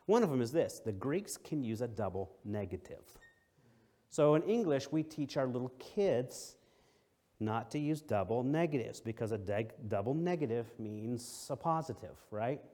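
A middle-aged man preaching a sermon, explaining a verse word by word. He stresses and repeats key phrases, and his voice swings between loud and soft. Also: medium pitch, lively intonation, normal speed.

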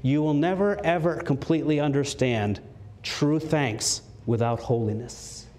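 A man with a slightly high voice preaching a sermon. He speaks earnestly, slows down to press home key words, and lifts his voice when the point grows urgent. Now and then he drops in a light joke. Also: darkish tone. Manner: earnest preaching, slows for emphasis, rises in pitch when stirred; slips in light jokes. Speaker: pastor.

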